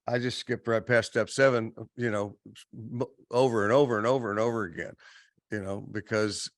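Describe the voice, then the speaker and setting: Man, low voice, recovery teacher, candid and halting, close dry recording. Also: steady tone, no echo. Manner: reflective, halting, with many fillers. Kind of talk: candid personal sharing.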